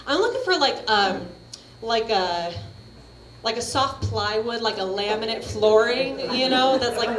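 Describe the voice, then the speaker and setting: In a roomy live recording from a coffee shop comedy venue, a woman with a slightly high, somewhat bright voice performs stand-up. Brash, chatty and profane, she laughs at her own jokes while the crowd laughs along.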